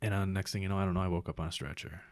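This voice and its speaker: Male podcast guest, low register, swears a lot, animated casual storyteller. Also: rapid-fire, no echo. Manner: profane, rambling, animated retelling.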